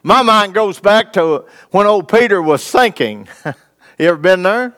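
A man's voice: sits high, animated, fairly bright tone. A man preaching a sermon, reading scripture and asking his congregation questions in a folksy way. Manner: folksy, asks the congregation questions, dramatic pauses.

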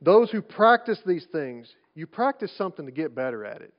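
Male pastor, high voice, conversational sermon full of rhetorical questions; muffled lo-fi recording. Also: very animated, fairly quick. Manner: conversational preaching with rhetorical questions and repeated restarts. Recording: dull lo-fi sound.

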